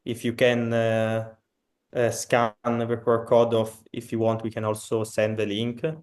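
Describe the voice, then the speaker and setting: A man's voice: on the low side, monotone, a little slow, a little mellow. A man presents as a student over a video call, hesitant and searching for words. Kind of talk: halting presentation.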